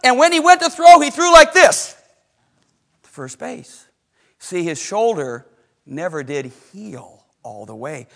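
A middle-aged man preaching a sermon as pastor, telling a personal story animatedly, swinging between loud excitement and hushed moments and asking the congregation questions. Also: high-pitched, unhurried, gravelly, pauses often.

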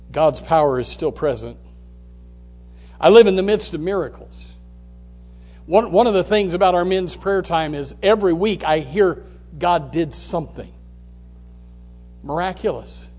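A man preaching as a pastor, swinging from loud, rising calls down to near-whispers. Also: fairly high pitch, unhurried, pauses often, soft background music. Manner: preaching with sudden loud rises and hushed drops. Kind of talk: sermon.

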